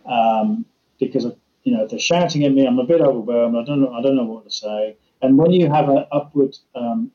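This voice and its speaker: A man's voice: mid-range voice, dull audio. A man, a communication trainer explaining listening techniques in a practical way with worked examples. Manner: practical, illustrates with acted-out examples. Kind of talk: explaining in a podcast conversation.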